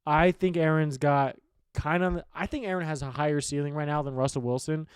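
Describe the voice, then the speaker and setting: A man with a slightly high voice chats about football in a loose, rambling way, throwing in casual swearing and strong opinions. The sound is dry and close, with no room echo. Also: steady tone, a little fast, clean tone. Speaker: sports betting podcast host. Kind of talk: casual sports talk.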